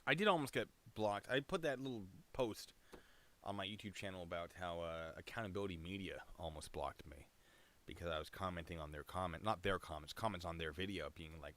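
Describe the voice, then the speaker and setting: A man's voice: lowish voice, a bit bright. A man chatting casually on a live stream, rambling and cutting himself off mid-thought. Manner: rambling, self-interrupting, chatty.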